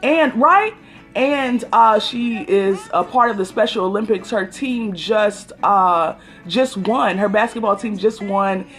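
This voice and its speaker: A woman's voice: medium pitch, slow, fairly bright tone, soft background music. A woman hosting a casual phone livestream, telling an exasperated story and greeting viewers by name as she goes. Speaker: livestream host.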